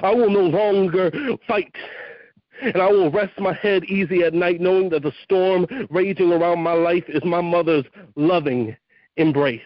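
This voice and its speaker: A man performing spoken word poetry with a slow, rhythmic delivery and chanted refrains, then talking with the hosts. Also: sits high, fairly even intonation, no room sound. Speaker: open mic poet. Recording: dull lo-fi online radio stream.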